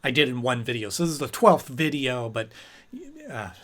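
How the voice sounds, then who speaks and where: A man's voice: medium pitch, moderate pace. A man hosting his channel, chatting casually in a rambling way with lots of fillers. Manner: chatty, rambling with fillers, briefly acting out characters. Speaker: host and episode reviewer. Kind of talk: casual chat review.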